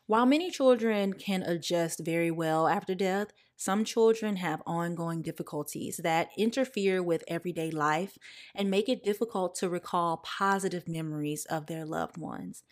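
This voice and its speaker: Emotional young woman podcaster, lowish voice. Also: normal speed. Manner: emotional, addresses listeners as y'all. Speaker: podcast host. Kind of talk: casual personal podcast talk.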